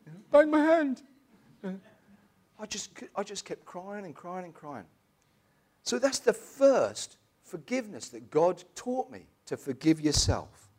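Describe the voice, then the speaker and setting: Halting man giving church testimony. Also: high voice, sing-song, a little mellow, slightly rough. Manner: emotional, halting, with frequent restarts. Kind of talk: personal testimony.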